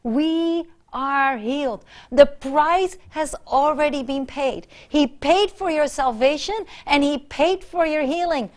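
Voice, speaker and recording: A woman preaching a sermon with fervent, emphatic repetition, dropping soft and then rising loud. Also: high-pitched, measured pace, few pauses.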